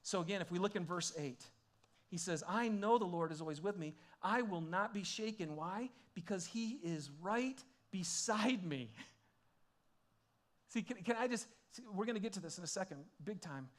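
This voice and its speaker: Casting: high-pitched male pastor, lively sermon, drops to near-whispers then bursts out loud. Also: moderate pace. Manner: swings from hushed, intimate questions to loud, excited exclamations; repeats himself and restarts, laughing often.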